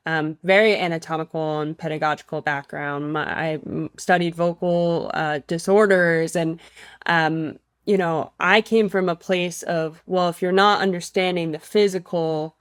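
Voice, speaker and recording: A woman hosting a casual podcast chat about singing, thoughtful and chatty as she sets up her questions. Her voice sits a little low for a woman, and the recording is dry and close. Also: fairly even intonation, unhurried, clear, resonant tone, no echo. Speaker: podcast host and voice teacher.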